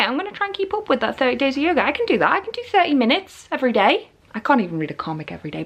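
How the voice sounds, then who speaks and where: A woman in her thirties from England, talking casually to camera at home in a daily vlog, chatty and excitable, often restarting her sentences. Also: high-pitched, fast talker, breathy edge. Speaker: vlogger. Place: cold living room at home.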